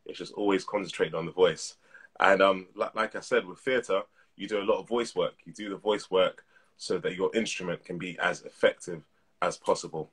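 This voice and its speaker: Man, 30s, actor guest; low, breathy voice; calm, thoughtful, measured delivery. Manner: relaxed, reflective, measured. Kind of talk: casual interview. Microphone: live video call.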